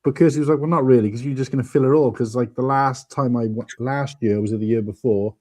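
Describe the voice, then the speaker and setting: Guy rambling on a stream chat, warm mellow tone. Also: medium pitch, fast talker. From United Kingdom. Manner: chatty, rambling storyteller. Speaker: stream host. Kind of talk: casual panel chat.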